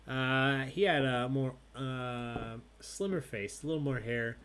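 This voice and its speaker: A man's voice: medium pitch, slow pace, a bit bright, clean tone. A man hosting an online trivia night, reading questions and joking with the players in a casual, chatty way. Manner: joking, chatty, drinking as he hosts. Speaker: trivia host.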